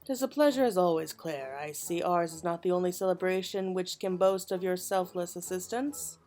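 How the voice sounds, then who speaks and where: A woman voicing a dignified, solemn noble official from a fantasy game, speaking in a measured, formal, subdued way. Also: on the low side, darkish tone, faint music behind, voice pushed down, close to an everyday voice.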